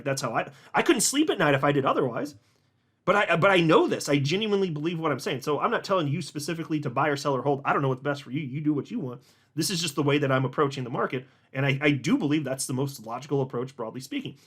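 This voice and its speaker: A man's voice: a little high, animated, fast talker, a bit bright, husky. A man hosting a casual market commentary, reading posts aloud and talking bluntly and emphatically with frequent fillers. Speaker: host of a crypto market channel.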